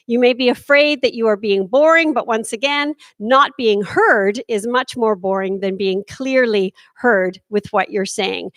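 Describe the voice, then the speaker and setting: A woman presenting a workshop on performance tips in an energetic, demonstrative way. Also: fairly high pitch, a little slow, few pauses, dry recording.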